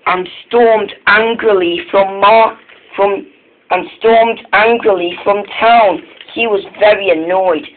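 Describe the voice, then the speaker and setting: A man narrating a storybook tale, speaking haltingly and often restarting his sentences, on a tinny, phone-like recording. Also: high-pitched, fairly even intonation.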